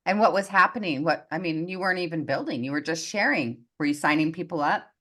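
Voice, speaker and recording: A woman coaching on a live group call, lively and expressive, acting out quoted voices as she talks. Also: fairly low pitch, quick pace. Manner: animated, acts out quoted voices. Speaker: success coach.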